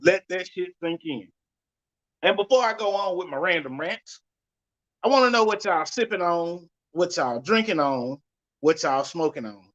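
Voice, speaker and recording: A man hosting a podcast, giving a loud, blunt, cursing rant with sudden jumps in pitch. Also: expressive, normal speed. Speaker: podcast host. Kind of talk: profane ranting monologue. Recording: dull lo-fi sound.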